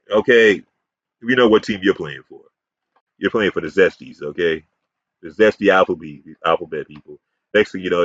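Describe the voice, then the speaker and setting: A man's voice: deep voice, a bit bright, no room sound. A man giving a combative, profane, rambling ranting commentary as a YouTube commentator. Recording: dull, muffled sound.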